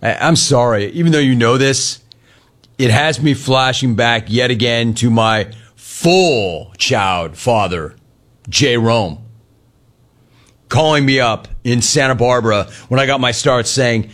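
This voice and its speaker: A man's voice: mid-range voice, measured pace, fairly bright tone. A middle-aged man hosting a sports talk radio show, riffing sarcastically on callers and the news.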